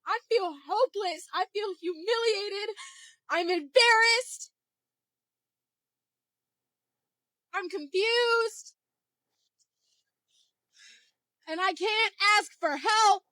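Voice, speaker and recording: A woman's very high, sharp voice pours out anger and despair, breaking into tears. She speaks slowly, in a confessional rant. The sound is dry and close. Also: dry recording. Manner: venting raw anger and despair, shouting then crying.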